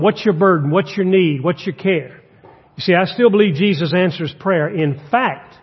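A man's voice: high-pitched, breathy edge, long reverb tail, highs cut off. A man, a guest preacher giving a folksy, conversational sermon with humor in a church. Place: church sanctuary.

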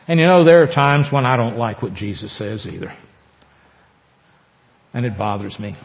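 A man preaching a sermon as pastor, earnest, with slow emphatic pauses. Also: medium pitch, vocal fry. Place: church sanctuary. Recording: echoey church hall, dull lo-fi sound.

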